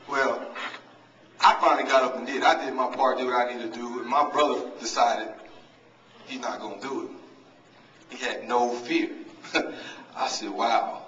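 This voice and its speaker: The speaker is a coach giving a humorous, uplifting banquet speech as a guest, storytelling and talking straight to the crowd. His voice sits at medium pitch with a fairly bright tone and a little hiss or hum. He's recorded from afar in an echoey hall, and the sound is dull.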